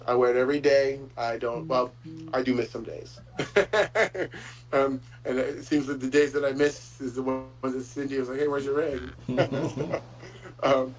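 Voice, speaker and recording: A man hosting a casual chat, talking in a rambling, warm-hearted way with frequent chuckles. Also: medium pitch, steady tone, unhurried, soft background music, poor audio. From Florida. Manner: rambling, chuckles often, fillers. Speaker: host.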